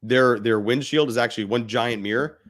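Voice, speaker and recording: A man's voice: medium pitch, moderate pace, fairly bright tone. Blunt, swearing man giving a motivational talk. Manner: blunt, swears freely, speaks directly to the listener. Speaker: podcast co-host.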